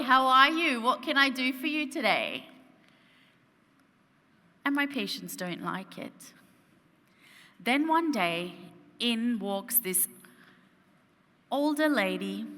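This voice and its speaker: A woman delivers a keynote from a conference stage, telling her story in an animated way and asking the audience questions. Her voice is bright and forward. The sound rings with a long reverb from the hall. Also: mid-range voice. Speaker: keynote speaker.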